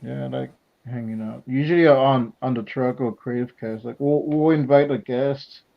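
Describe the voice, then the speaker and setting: Gravelly man on dull lo-fi audio. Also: mid-range voice, steady tone, normal speed. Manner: rambling, hesitant. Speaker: podcast host. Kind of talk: casual chat while drawing.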